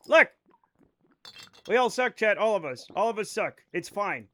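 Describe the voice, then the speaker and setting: High, bright-voiced man streaming live. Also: very animated, a little slow, pauses often. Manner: rambling, self-interrupting, swears, addresses chat directly. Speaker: livestreamer. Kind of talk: casual live-stream commentary to chat.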